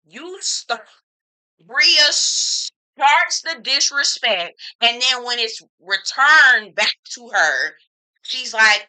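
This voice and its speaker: A woman's voice: on the high side, very animated, takes it slowly, bright, forceful tone, poor audio. A woman giving a casual, opinionated recap of a reality TV episode, talking frankly with slang and strong opinions. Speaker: TV reviewer.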